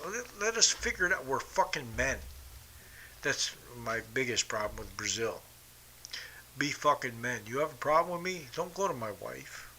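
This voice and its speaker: Pushed and bright in the mid-range, this man's voice carries a little hiss or hum in the recording. He's a middle-aged podcast host telling stories bluntly, with plenty of profanity and a combative edge.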